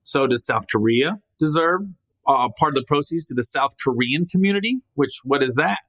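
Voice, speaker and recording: A man's voice: medium pitch, moderate pace, fairly bright tone, no room sound. Rambling, joking male podcast host. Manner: rambling, with frequent restarts and self-corrections; joking, self-deprecating. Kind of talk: casual solo monologue.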